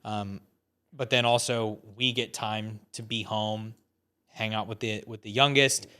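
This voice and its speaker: A man's voice: lowish voice, fairly even intonation, a little slow, sharp tone, smooth. A man in his thirties, a podcast guest talking in a rambling, filler-heavy way with casual swearing.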